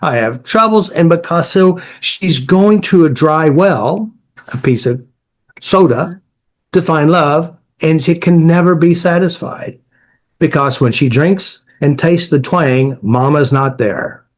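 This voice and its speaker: Guy coaching folks on emotions, pretty high voice, blunt and repetitive, tells client stories. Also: slow. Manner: direct, repetitive, lists ideas in short bursts.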